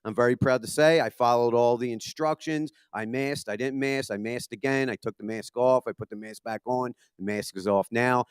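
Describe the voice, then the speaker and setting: A man's voice: medium pitch, normal speed, hardly any pauses, smooth, no echo, studio quality. A man in his thirties with a Philadelphia accent doing a profane, self-deprecating stand-up comedy set. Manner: profane, self-deprecating, punchy delivery with lots of swearing. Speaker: stand-up comic. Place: comedy venue with a live audience.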